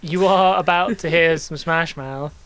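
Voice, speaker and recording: A man's voice: a little high, measured pace, a crowd in the background. A man co-hosting a podcast in casual chat, enthusiastic and laughing often. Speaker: podcast co-host.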